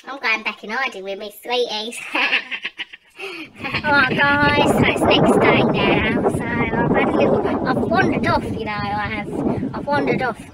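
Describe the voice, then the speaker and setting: A woman voicing a sulky, spoiled grown-up female doll that whines and complains in a high, childlike squeak. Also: unhurried, lightly acted. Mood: chatty. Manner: whiny and complaining. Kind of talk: toy doll role-play. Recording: loud noisy outdoor recording.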